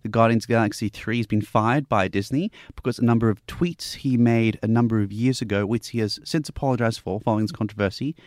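A man hosting a radio panel discussion talks at a brisk clip. He sets out several views in a measured, opinionated way. The sound is dry and close. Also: fairly low pitch, darkish tone, no echo.

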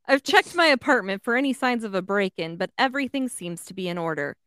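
A woman co-hosting a podcast, reading a listener's letter aloud at a steady pace. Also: mid-range voice, fast, dry recording, studio quality. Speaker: podcast co-host. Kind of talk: casual chat and reading aloud.

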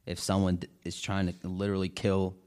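Deep-voiced, profane young man. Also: completely flat delivery, brisk, darkish tone, smooth. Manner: blunt, profane, easygoing. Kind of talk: casual chat.

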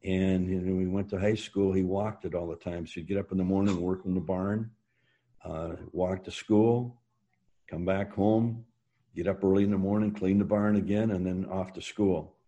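A man with a low, deep voice and a mellow, dark tone tells long family stories in a relaxed interview. He rambles, stops to restart his sentences, and fills the gaps with "uh" and "you know.". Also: normal speed, muffled recording. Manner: rambling anecdotes with frequent fillers and restarts. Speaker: interview guest. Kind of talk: storytelling in a casual interview.

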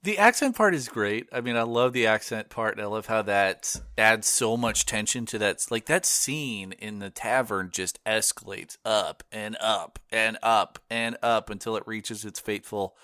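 A man hosting a casual film discussion podcast, animated and quick to laugh, often restarting his sentences. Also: medium pitch, dry recording, clean studio sound. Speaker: podcast host.

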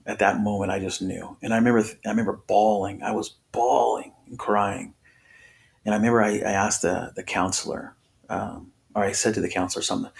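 A man's voice: lowish voice, steady tone, fairly quick, vocal fry. A man on a podcast telling his personal faith testimony in an earnest, conversational way, full of restarts and voiced quotes. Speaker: podcast guest.

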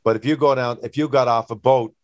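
Older man, rambling storyteller, casual chat, middle pitch, dry room. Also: fast talker, no room sound. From Newfoundland, Canada. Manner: rambling storyteller, animated when retelling anecdotes.

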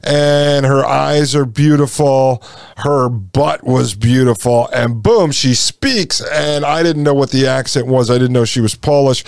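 A podcast host in his forties rambles through a personal story and talks to his listeners as folks. His voice is smooth and clear at a middle pitch. The recording is dry, with no room echo. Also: measured pace. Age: 40s. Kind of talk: casual storytelling monologue.

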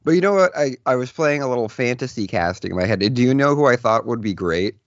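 A man's voice: mid-range voice, expressive, fast talker, dry recording. A man co-hosting a casual podcast chat in a laid-back, offhand manner. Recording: dry, dull lo-fi recording.

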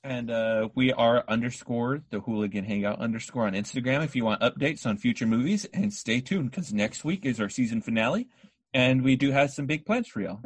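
A man's voice: medium pitch, expressive, a little fast, slightly rough, no room sound. A man co-hosting a podcast, chatting casually and bluntly, scornful as he reviews a movie over a remote call. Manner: blunt, ranting, scornful of the film. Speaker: podcast co-host.

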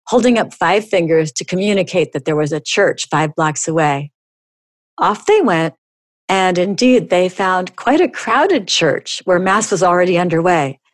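Low-voiced woman telling a funny story. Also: dry recording. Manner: animated storytelling, bursts higher for dialogue. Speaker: podcast host. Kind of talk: reading stories aloud.

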